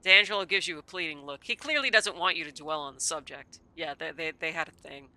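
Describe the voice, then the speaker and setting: A woman's voice: low voice, a little fast, few pauses, rough recording. A woman streamer reading a story game aloud and joking between passages. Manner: animated, joking commentary between read narration. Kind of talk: reading narration and chatting.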